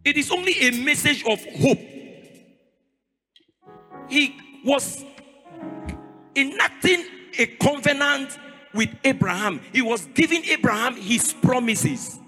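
A man with a Nigerian accent preaching a sermon in a sing-song cadence that rises to shouts. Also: very high-pitched, expressive, slow, long pauses. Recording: reverberant hall with faint music.

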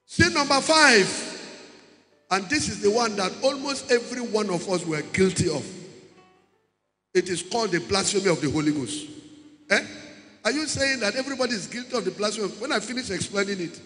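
A man's voice: high-pitched, expressive, brisk, a bit bright, soft background music. A man preaching a sermon, emphatic and repeating key words as he calls out to the congregation. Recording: echoey hall with long reverb.

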